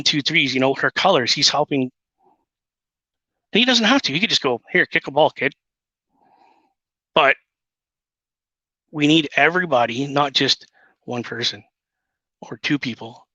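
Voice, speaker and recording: Earnest man, bright forceful tone, dull lo-fi sound, dry, speaking from the heart. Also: mid-range voice, moderate pace, pauses often, dry recording. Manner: earnest, emotional. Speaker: guest father. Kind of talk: casual chat.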